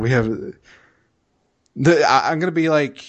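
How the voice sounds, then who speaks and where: A man's voice: on the low side, lively intonation, a little fast. A man co-hosting a podcast, casually retelling a video game's story, rambling, swearing freely and laughing often. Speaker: podcast co-host recapping a game.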